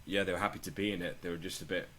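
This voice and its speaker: Male podcast guest, low voice, easygoing anecdotes, casual profanity, faint ambience. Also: very fast, a little hiss or hum. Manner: relaxed, swears casually, acts out quoted people in higher voices. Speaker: guest travel vlogger. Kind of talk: casual interview chat.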